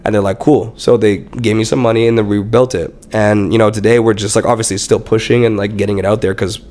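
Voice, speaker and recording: Lively young man telling a story. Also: fairly low pitch, fast. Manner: animated storyteller who acts out quotes with lots of swearing. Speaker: startup founder, podcast guest. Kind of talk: casual interview chat.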